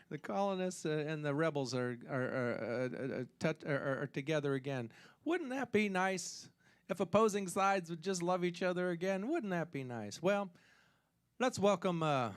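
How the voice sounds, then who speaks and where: Lounge host, male, high unhurried voice, showman joking into a stage mic, faint guitar behind. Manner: showman joking, swooping pitch on punchlines. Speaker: show host and singer. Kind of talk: comic showroom patter.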